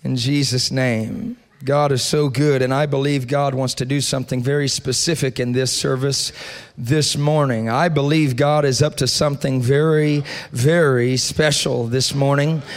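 A young adult man preaching a sermon in a church, leading the congregation in call and response and building to loud prayer. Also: a little high. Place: church sanctuary.

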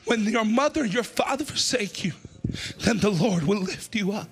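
A man preaching an impassioned sermon and altar call in a church, often shouting with a sing-song preaching cadence. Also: high-pitched, animated, moderate pace, slightly rough. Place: church sanctuary.

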